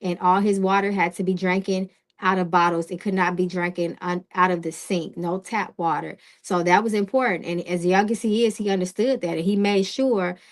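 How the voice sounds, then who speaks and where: A woman's voice: fairly low pitch, fairly even intonation, normal speed. A woman hosting a live-stream tarot reading who talks in a direct, casual way. She often checks in with "okay?" and greets viewers in the chat.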